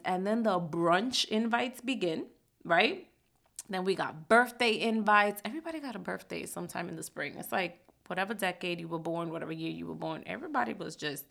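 Chatty woman a gravelly edge. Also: mid-range voice, fairly bright tone. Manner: chatty, self-mocking, laughs often, tag "right?" questions; acts out inner voices in quick asides and whispers. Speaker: podcast host. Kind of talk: casual monologue.

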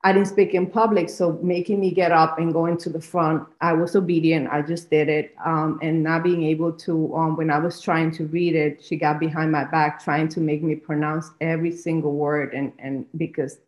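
A woman with a Spanish accent, Spanish her first language, telling her life story as an interview guest, reflective and halting, often restarting. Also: deep voice, little pitch movement, echoey room. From Spanish-speaking country. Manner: reflective, many restarts and fillers. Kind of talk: personal storytelling.

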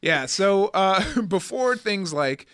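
A man's voice: high-pitched, animated, slow, fairly bright tone, smooth, no echo, studio quality. A man co-hosting a podcast in casual chat, rambling and joking, with frequent restarts. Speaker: podcast co-host.

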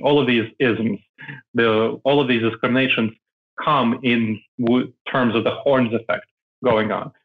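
A man from Moldova, explaining ideas as a guest in an interview, often adding "right?". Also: medium pitch. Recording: phone-like line.

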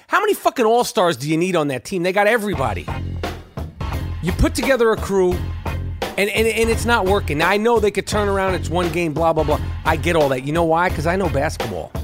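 A man hosting his own podcast, ranting in a brash, animated way, cursing and stumbling over repeated words. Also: high-pitched, fast, music in the background. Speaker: podcast host. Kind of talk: profane rant.

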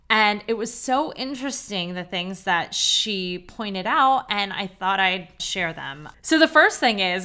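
A woman's voice: medium pitch, bright, forceful tone. Chatty woman hosting a podcast. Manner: candid, quick and chatty with many "like"s. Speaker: podcast host. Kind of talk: unscripted solo podcast talk.

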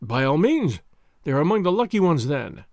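A man's voice: fairly high pitch, sing-song, normal speed, darkish tone, no echo, studio quality. A man voicing a regal male prince with a courtly, drawling manner. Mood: gracious. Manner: courtly, drawling, alternately cold and gracious.

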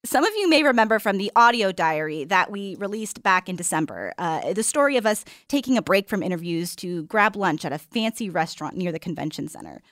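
A woman's voice: mid-range voice, sing-song, fairly quick, few pauses, a bit bright, no echo. Earnest woman host, dry narration. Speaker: podcast host. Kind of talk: scripted narration.

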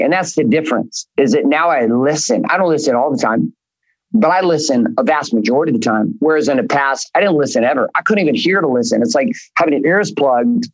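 A man's voice: medium pitch, dry recording, low-quality recording. A man guesting in an interview, telling stories bluntly with casual profanity and a rambling, repeating flow. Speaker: guest, business coach. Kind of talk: candid interview talk.

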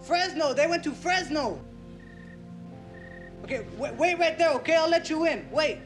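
A man's voice: very high-pitched, animated, normal speed, fairly bright tone, faint music behind. An actor playing a brash young man who answers the door in a film scene.

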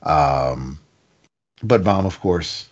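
A man's voice: very deep voice, animated, extremely slow, lo-fi sound. A man casually reviewing a comic, recapping the plot in a rambling way with stammered restarts.

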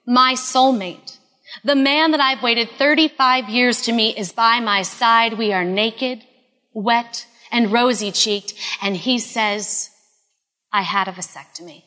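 A woman in her thirties telling a personal story in an earnest, confessional way, often dropping to a hush. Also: a little high, takes it slowly, in a large hall. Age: 30s.

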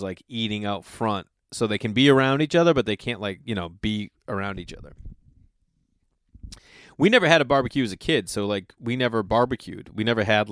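An animated man spins a casual, profane comic story and slips into the voices of the people in it. His voice sits at an ordinary pitch. The sound is dry and close, with no room around it. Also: smooth, no echo. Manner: animated, profane, acts out other people's lines.

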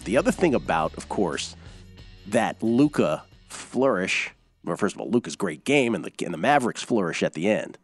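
A man's voice: fairly low pitch, sing-song, moderate pace, soft background music. A man hosting a sports betting radio show, talking loosely and rambling through scores and stats.

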